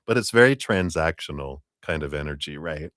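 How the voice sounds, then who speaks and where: A man's voice: a bass voice, animated, a little fast, a bit bright, dry recording, studio quality. A man giving a live-streamed tarot reading to a viewer, chatty and rambling, who acts out the voices of the people he quotes. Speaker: tarot reader.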